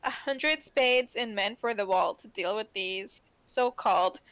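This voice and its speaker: A young adult woman co-hosting a casual book podcast, chatty and quick to laugh while recapping chapters. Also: mid-range voice, fairly bright tone, no echo, low-quality recording. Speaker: podcast co-host.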